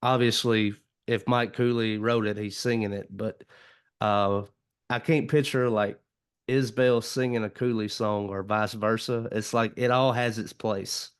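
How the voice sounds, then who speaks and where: A man's voice: fairly low pitch, steady tone, a little slow, clean tone. A man with a Southern US accent hosting a casual chat, talking in a laid-back way and calling people dude and man. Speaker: podcast host.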